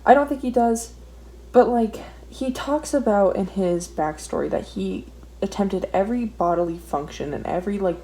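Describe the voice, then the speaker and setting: Faint background noise accompanies a young woman who rambles as she sketches, swearing often and running herself down in a casual rant for her art vlog. She speaks with a fairly low, creaky, mellow voice.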